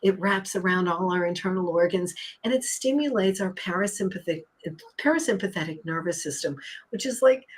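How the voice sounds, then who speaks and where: A woman's voice: fairly low pitch, animated, fairly quick, slightly rough, poor audio. A woman talking as a hypnotist and stress coach on a talk show, upbeat and emphatic, explaining things like a teacher. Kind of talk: casual talk show chat.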